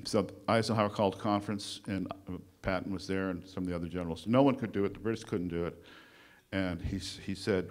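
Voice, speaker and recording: A man with a fairly low voice speaking to a conference room. He tells his story loosely and conversationally, pausing with many fillers, and his voice often trails off softly at the ends of phrases. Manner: conversational, with frequent "uh" pauses while recounting history. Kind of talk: lecture at a conference. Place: conference room before an audience.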